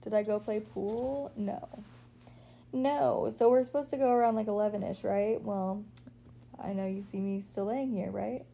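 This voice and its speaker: Young woman, casual livestream host, laid-back and chatty, mellow tone with lots of vocal fry, faint hum behind. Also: medium pitch, fairly even intonation, normal speed. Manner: chatty, laid-back, says "like" and "y'all" a lot. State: pregnant, a little out of breath. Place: her apartment, lying down.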